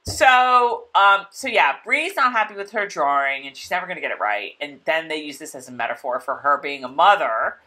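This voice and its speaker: Animated bright-voiced woman co-host. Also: low voice, normal speed, few pauses. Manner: chatty, peppered with "like" and laughter. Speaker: podcast co-host. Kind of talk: casual recap chat.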